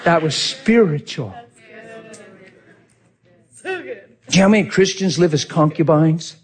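A man's voice: fairly high pitch, measured pace. A man preaching a sermon, telling a personal story with lots of energy and acting out what people said. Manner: animated, acts out quotes, laughs often.

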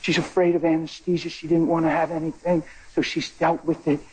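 A male preacher telling a story in a sermon, excitable, jumping between loud high bursts and low quiet asides. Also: a little fast, a little hiss or hum. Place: church.

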